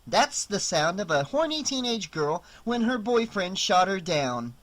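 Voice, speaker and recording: A narrator voicing a brash, teasing teenage girl who talks loud and crude. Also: mid-range voice, big pitch swings, a little slow, voice pushed up. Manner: loud, brassy and mocking.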